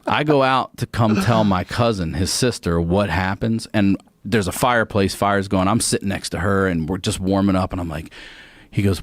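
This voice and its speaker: Fortyish male guest, low register, dry close mic; casual, swearing storyteller who voices the other characters. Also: brisk, dry recording. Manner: lively, profane anecdote telling with quoted voices. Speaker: podcast guest. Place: podcast studio.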